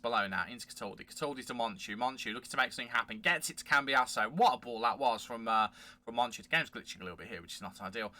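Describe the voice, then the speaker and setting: A man hosting a football management game let's play, giving chatty, excitable play-by-play commentary. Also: mid-range voice. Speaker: gaming channel host.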